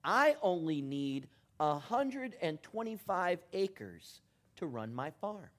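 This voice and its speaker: A man voicing a modest Wisconsin dairy farmer who speaks slowly and dryly. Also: sits high, very animated, a bit bright, pitched above the performer's own voice, exaggerated voice. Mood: matter-of-fact.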